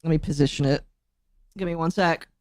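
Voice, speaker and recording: A woman's voice: sits low, steady tone, brisk, no room sound, studio quality. A woman streamer chatting casually to her live chat, giggling and rambling, her throat catching with coughs. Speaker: streamer reacting to a video. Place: home streaming setup.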